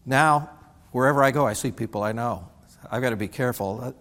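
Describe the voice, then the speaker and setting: Folksy pastor preaching in a reverberant church. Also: male voice, mid-range voice, a little fast. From Indiana. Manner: folksy storytelling with animated quoted voices. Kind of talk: sermon. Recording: church sanctuary with long reverb.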